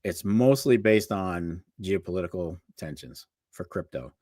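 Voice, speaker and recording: A man's voice: sits low, expressive, dark tone, dry recording, studio quality. A man co-hosting a casual livestream chat, reading out market prices and talking loosely with his partner. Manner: chatty, reads market prices off quickly. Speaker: co-host of a livestream show.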